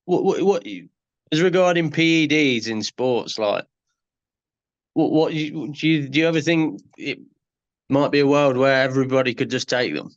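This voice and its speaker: A man, a podcast guest in casual chat who talks haltingly with many fillers. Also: medium pitch, highs cut off.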